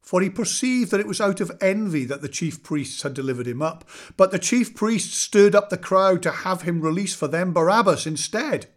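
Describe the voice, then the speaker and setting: A man reading scripture aloud in a measured, solemn way, slowing for weight. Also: high voice, expressive. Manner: measured, solemn reading with slow dramatic pauses. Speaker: scripture reader.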